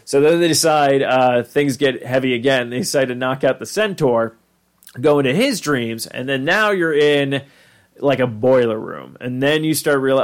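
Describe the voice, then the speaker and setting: A man's voice: medium pitch, normal speed. A man with a mid-range voice talks loosely through a cartoon episode, piling on fillers and acting out bits of the lines. He rambles in a chatty, informal way. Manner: rambling, chatty, full of fillers and acted-out quotes. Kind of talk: casual episode recap.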